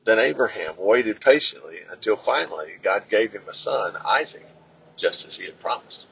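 A man reading scripture aloud in a halting way, with fillers and self-corrections. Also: fairly low pitch, lively intonation, gravelly, fairly bright tone, slightly rough. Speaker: Bible reader. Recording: dull lo-fi recording.

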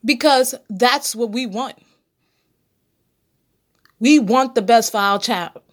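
With a fairly high voice and a slow pace, a woman delivers a casual solo monologue on the podcast she hosts, lecturing her listeners bluntly, preachily and with plenty of profanity.

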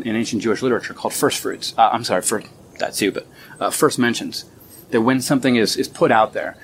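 A man giving a relaxed, conversational sermon outdoors in a small garden, thinking aloud as he teaches. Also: mid-range voice, a little hiss or hum. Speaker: pastor.

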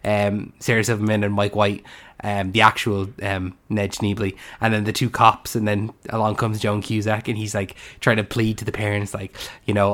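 A young man chats about a film on a podcast. His voice sits low, and he talks with lively enthusiasm, jumping into the characters' lines as he goes. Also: normal speed. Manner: animated, acts out scenes from the film. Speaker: podcast co-host. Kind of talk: casual film discussion.

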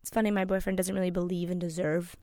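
A woman's voice: on the low side, flat delivery, quick pace, darkish tone, no echo, clean studio sound. A young woman hosting her own podcast, talking loosely and chattily with many fillers, getting emotional. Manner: loose and chatty, many likes and you-knows. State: emotional, near tears. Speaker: podcast host. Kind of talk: casual solo podcast talk.

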